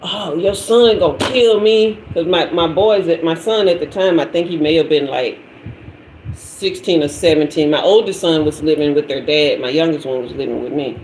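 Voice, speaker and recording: A woman in her forties, a tarot reader, telling a dramatic story on a livestream in an animated way. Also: deep voice, moderate pace, a little hiss or hum. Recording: echoey room.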